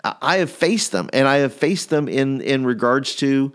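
Brief: man in his forties, youth ministry speaker, casual and rambling, mid-pitched. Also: normal speed, clear, resonant tone. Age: 40s. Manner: rambling, many fillers and restarts, animated storytelling. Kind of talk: casual teaching talk.

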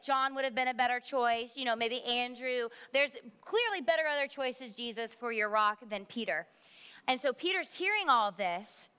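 A woman pastor preaching a sermon, animated, acting out the people she quotes in her storytelling. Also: a little high, smooth, in a large hall.

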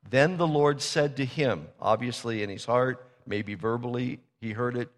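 A man's voice: mid-range voice, normal speed, few pauses. A man preaching a sermon, retelling a Bible story in a casual, conversational way and acting out the characters' lines. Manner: storytelling, conversational, acts out biblical dialogue. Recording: reverberant hall.

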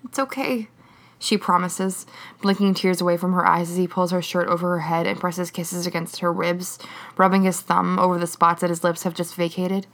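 A woman reading a romance story aloud in a measured, even way. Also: lowish voice. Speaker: reader. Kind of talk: reading fan fiction aloud.

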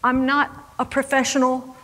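Woman preacher, high voice, dramatic sermon delivery. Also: monotone, a little slow, a bit bright, poor audio. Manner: dramatic, acting out scripture quotes with rising emphasis.

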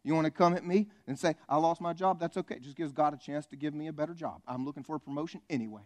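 A fairly high-voiced man preaching a sermon in church. He talks with a lot of energy, jokes often and calls out to the congregation as he goes. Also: very fast. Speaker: pastor. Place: church in front of a live congregation.

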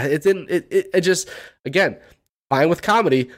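A man's voice: fairly high pitch, lively intonation, brisk. A man co-hosting a movie podcast in casual chat, rambling with many restarts. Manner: rambling, lots of restarts and repeated words. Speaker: podcast co-host.

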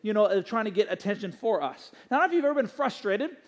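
A middle-aged man preaches in a church sanctuary, relaxed and conversational, leaning on fillers and stories. His voice sits unusually high for a man. The sound carries a long hall reverb. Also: fast talker. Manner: conversational, anecdotal, many fillers. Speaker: pastor. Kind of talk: sermon with announcements.

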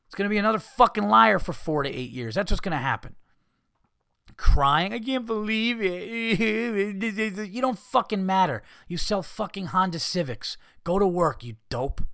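A man hosting a podcast, ranting casually with heavy swearing and mocking people in put-on high voices. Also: expressive, moderate pace, creaky, sharp tone, no room sound, studio quality. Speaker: podcast host. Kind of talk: casual rant.

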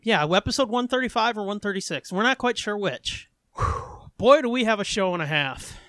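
Casting note: high, bright-voiced man hosting a loose, crude podcast. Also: lively intonation, moderate pace, dry recording, clean studio sound. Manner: joking, crude, laughs often. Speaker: podcast host. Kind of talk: casual podcast chat.

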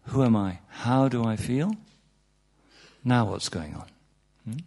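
A man's voice: mid-range voice, animated, slow, gravelly, a little mellow. A man giving an informal, humorous talk on meditation to an audience, full of asides and "you know"s, his voice jumping up for emphasis. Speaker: meditation teacher.

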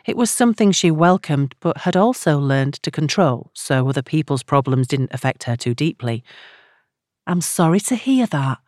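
A woman narrating a novel in a measured storytelling manner. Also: low voice, darkish tone, no room sound, clean studio sound. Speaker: audiobook narrator. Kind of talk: scripted narration.

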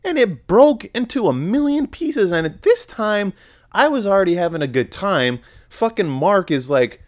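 A man's voice: high-pitched, very animated, moderate pace. A young man from telling a rambling, profane story about a night out on his podcast. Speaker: podcast host. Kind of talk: casual storytelling monologue.

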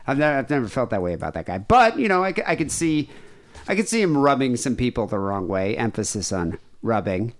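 This is a man hosting a call-in podcast, talking loosely and circling back on himself. His pitch moves up and down a lot as he riffs between calls, never quite landing a sentence cleanly. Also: sing-song, a little fast. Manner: rambling, loose, frequent fillers and restarts. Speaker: podcast host. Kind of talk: casual call-in show chat.

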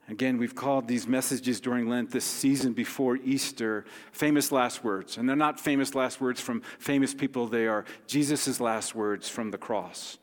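A man preaching in a church sanctuary, his voice carrying a long hall reverb. He talks in an easygoing, conversational way with touches of humor. His pitch sits in an ordinary middle range. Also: normal speed, few pauses. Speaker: pastor. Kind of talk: sermon.

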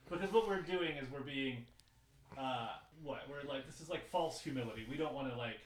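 Excitable, profane male podcast co-host. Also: medium pitch, fairly quick, reverberant. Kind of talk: casual chat.

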